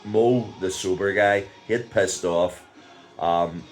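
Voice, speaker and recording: A man's voice: sits low, slow pace, faint music behind. An older man with a Northern Irish accent telling a rambling personal story in a casual vlog, with frequent chuckles and fillers. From Northern Ireland. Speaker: vlogger.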